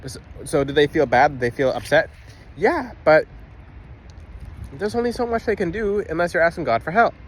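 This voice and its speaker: A man's voice: fairly high pitch, animated, moderate pace, pauses often. A man casually talking to a phone camera outdoors, emphatic and rambling, with frequent restarts. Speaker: spiritual video host.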